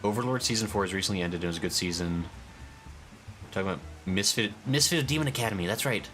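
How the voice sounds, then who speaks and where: Bright-voiced male game streamer. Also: on the low side, quick pace, faint music behind. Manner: chatty, reads chat aloud. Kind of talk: casual stream chat.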